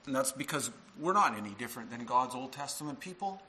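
Bright-voiced male minister preaching earnestly. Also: mid-range voice, lively intonation, quick pace, slight background noise, rough recording. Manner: earnest preaching with rhetorical questions. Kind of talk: sermon.

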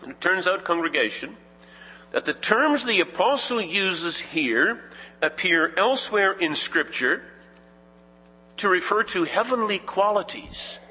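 Male pastor, high bright husky voice, slow deliberate sermon delivery, church hall reverb. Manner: measured, emphatic preaching with rhetorical questions. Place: church sanctuary.

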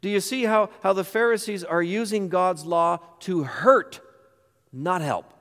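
A man's voice: high voice, unhurried, fairly bright tone, long reverb tail. A man pastor delivering a sermon, emphatic and full of rhetorical questions.

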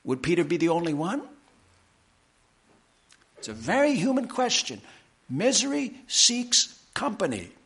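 Male pastor, higher voice, very animated intonation; emphatic sermon delivery. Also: creaky. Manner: emphatic, slow deliberate preaching with dramatic pauses.

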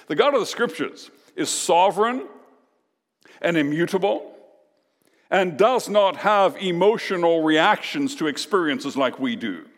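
A man preaching a sermon as pastor, emphatic, with dramatic pauses and repeated lines. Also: a little high, in a large hall.

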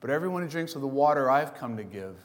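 A man quoting a solemn male teacher, speaking slowly and gravely. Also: mid-range voice, expressive, natural voice. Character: calm solemn male teacher making a promise.

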